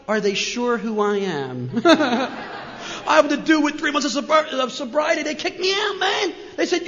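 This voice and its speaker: A middle-aged man with a New Jersey accent, telling his recovery story to an audience in an animated way, full of "man" and repeated "and"s. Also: very high voice. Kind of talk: personal story talk to an audience. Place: large meeting hall with an audience. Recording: muffled, reverberant hall recording.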